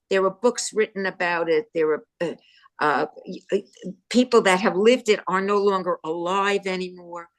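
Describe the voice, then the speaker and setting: A woman in a class, asking a question hesitantly and searching for words with many restarts. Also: mid-range voice. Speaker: class participant.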